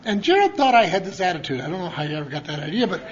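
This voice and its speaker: A man's voice: high-pitched, big pitch swings, fast talker, a bit bright. A man at a conference, telling his recovery story in a folksy, rambling way, with many restarts, and acting out the voices of the people he quotes. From Montana. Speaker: conference speaker. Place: conference hall. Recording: lo-fi conference tape.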